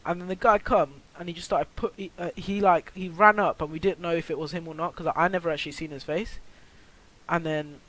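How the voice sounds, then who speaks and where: A teenage boy recounts a story for his vlog, slightly high in pitch. He rambles, restarts often, packs in fillers and swears freely. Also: steady tone, fairly quick, fairly bright tone, poor audio. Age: teens. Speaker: vlogger.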